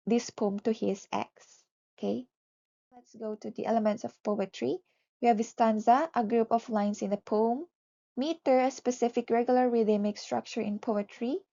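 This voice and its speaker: A woman teacher with a mellow, darker voice speaks with earnest feeling and leans into her repeated lines. The sound is dull and lo-fi. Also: on the high side. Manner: earnest, with dramatic repeated refrains. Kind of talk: poetry recitation and classroom lesson.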